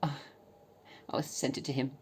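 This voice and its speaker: A woman chatting casually as a vlogger, cheeky and bawdy, swearing freely and bursting into loud laughs. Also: very deep voice, lively intonation, a little fast, gravelly, breathy edge. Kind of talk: casual chat reading dating messages aloud.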